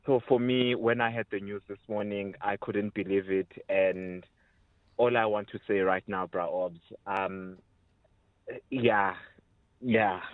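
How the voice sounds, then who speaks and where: A man, a former radio producer, calling in and speaking haltingly as he searches for words. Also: fairly low pitch, fairly even intonation, no room sound. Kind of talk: radio call-in tribute. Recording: tinny phone line, dry.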